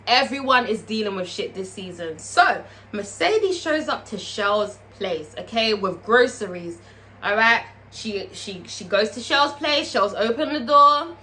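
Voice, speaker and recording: A woman chats through a TV episode recap in a loose, profane, animated way, addressing her viewers directly. Her voice is bright and crisp. It sits a little higher than most women's voices. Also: unhurried. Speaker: TV review vlogger.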